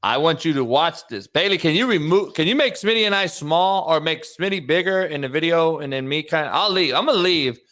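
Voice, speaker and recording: A man's voice: fairly high pitch, animated, brisk, hardly any pauses, a bit bright. Profane, joking male podcast host. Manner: profane storytelling, mimics other voices. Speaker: show host. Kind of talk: casual podcast chat.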